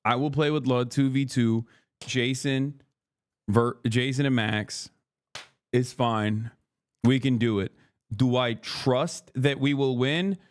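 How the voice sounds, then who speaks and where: A man riffing on a video for his stream, swearing freely and slipping into impressions of friends. His voice sits in an ordinary middle pitch, caught dry and close on the mic with no room sound. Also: slow pace, dry recording. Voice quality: profane, animated, mimics friends. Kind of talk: casual reaction commentary.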